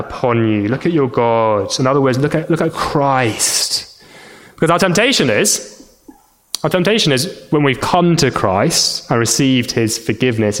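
A man preaching a sermon at a mid pitch, earnest and plainly spoken. He tends to repeat words as he restarts a thought, and his pitch climbs when he presses a point. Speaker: pastor.

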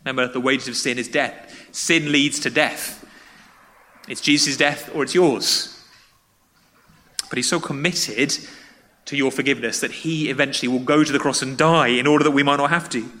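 Man, preacher, sermon, conversational, bright forceful voice, long church reverb. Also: mid-range voice, fairly even intonation, moderate pace. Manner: conversational, asks the congregation questions. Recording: long reverb of a large hall.

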